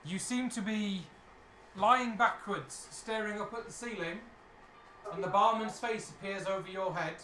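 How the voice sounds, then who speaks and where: A man narrating a tabletop game as dungeon master, explaining rules and describing scenes in a relaxed way. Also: high voice, a little slow. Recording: echoey room, mic from some distance, faint noise.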